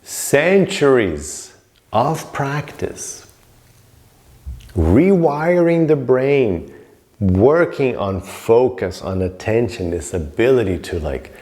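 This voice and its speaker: A man teaches an informal recorded class on yoga scripture in a mid-range, slightly mellow voice that is very animated yet slow. He keeps things loose and conversational, acts out stories as he goes, and says "you know" a lot.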